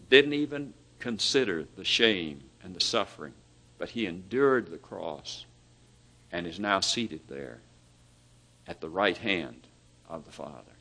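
A man preaching a sermon, asking his listeners questions, lifting his voice for emphasis and letting phrase ends fall very soft. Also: lowish voice. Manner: dynamic, rising for emphasis and dropping to near-whispers at phrase ends; asks the listeners rhetorical questions.

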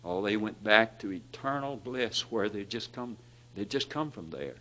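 A man preaching a sermon, asking his listeners questions, lifting his voice for emphasis and letting phrase ends fall very soft. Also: fairly low pitch, lively intonation, normal speed. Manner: dynamic, rising for emphasis and dropping to near-whispers at phrase ends; asks the listeners rhetorical questions.

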